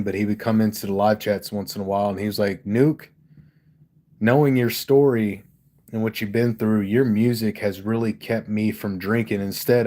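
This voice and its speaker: Speaking into a studio mic in a lowish, slightly mellow voice, a Delaware rapper runs a casual livestream. He discusses his music with blunt candor, emphasis, and plenty of profanity.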